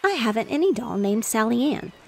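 A woman reading the part of an eager, pleading little girl in a bedtime storybook, with a slightly gravelly voice. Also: fairly high pitch, big pitch swings, fairly quick, slight background noise, voice pushed up. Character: small excitable girl.

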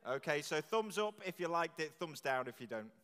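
A man running a church service jokes and chats with the whole congregation, quizzing them with quick questions. His voice is a little high and a bit bright, with lively intonation. It is captured from afar in a large church with long, echoing reverb.

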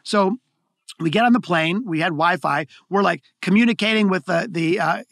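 A man with a high voice tells his stories in a rush, tripping over restarts and repeating words as he goes. The sound is dry and close, with no room in it. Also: normal speed, gravelly, a bit bright, no echo. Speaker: guest, keynote speaker. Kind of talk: conversational interview storytelling.

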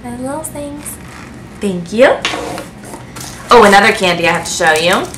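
A woman in a casual beauty vlog, unboxing gifts to camera and gushing with excitement. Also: mid-range voice, normal speed, background noise. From United States. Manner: gushing, excitable, breathless with delight. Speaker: beauty vlogger. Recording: echoey room.

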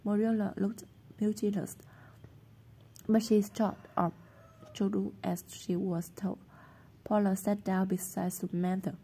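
A woman narrating a storybook chapter in a plain, steady reading voice. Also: medium pitch, unhurried, pauses often, husky.

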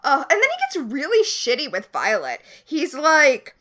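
Brief: high, bright-voiced woman co-host, animated and sarcastic, casual book-club recap. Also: normal speed. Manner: animated retelling, sarcastic asides, swears. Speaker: podcast co-host.

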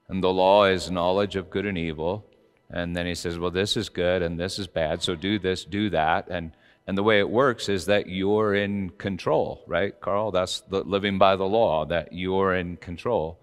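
Male pastor, low resonant voice, conversational sermon, reverberant hall. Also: a little slow, fairly bright tone, clean tone, soft background music. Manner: conversational preaching with fillers and rising emphasis. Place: church sanctuary.

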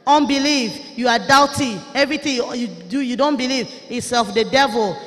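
A woman preacher with a Nigerian accent, delivering a fiery sermon, forceful and often shouting as she rebukes her listeners. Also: on the high side, normal speed. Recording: echoey hall reverb.

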